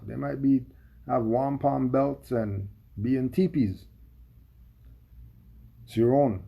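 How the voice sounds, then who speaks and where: A man's voice: medium pitch, gravelly, dark tone, slightly rough. A man giving sarcastic reaction commentary on a video, firing off mocking rhetorical questions.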